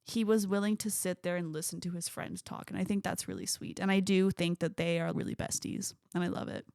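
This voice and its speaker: A young woman talks through a film in a relaxed, candid podcast chat, cursing casually as she goes. Her voice sits a little low and drags into a gravelly fry. The sound is dry and close, with no room around it. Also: fairly quick, no echo. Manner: chatty, frank, swears freely. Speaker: podcast host.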